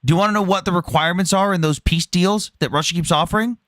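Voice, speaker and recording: A man hosting a live debate, hammering his points in a forceful, profane, rapid-fire way. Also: high-pitched, dry recording, studio quality. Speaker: debate host.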